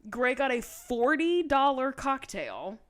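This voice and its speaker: A woman, co-hosting a podcast, telling a story in casual chat, animated and laughing, swearing freely. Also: sits high, takes it slowly. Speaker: podcast co-host.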